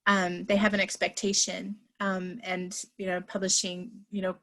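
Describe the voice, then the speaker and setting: A woman's voice: fairly low pitch, flat delivery, normal speed, fairly bright tone. Thoughtful woman answering on a panel. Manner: thoughtful, hedging with fillers. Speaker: panelist, writer.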